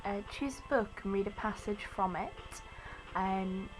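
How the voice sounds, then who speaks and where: A woman's voice: medium pitch, a little slow, music in the background, rough recording. A young woman from Norwich, sick with a cold, chatting hesitantly through a challenge video with lots of ums. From Norwich, England. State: ill with a cold. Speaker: vlogger. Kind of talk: casual accent challenge video.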